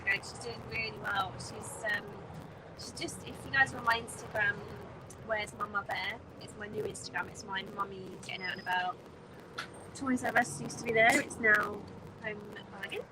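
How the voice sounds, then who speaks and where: A woman's voice: mid-range voice, fairly even intonation, moderate pace. A woman chatting casually to viewers on a phone livestream while riding a bus in traffic, rambling and greeting people by name. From England. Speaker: vlogger livestreaming. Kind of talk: casual live chat with viewers. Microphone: phone held in hand. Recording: phone audio with vehicle noise. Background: bus engine and road noise.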